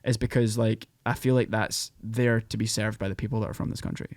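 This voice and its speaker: A man with a Scottish accent, a podcast guest who talks in animated, rambling bursts. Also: lowish voice, brisk, no echo, studio quality. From Scotland. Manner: animated, rambling, breaks into mock voices. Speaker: podcast guest, country singer. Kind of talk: casual podcast chat.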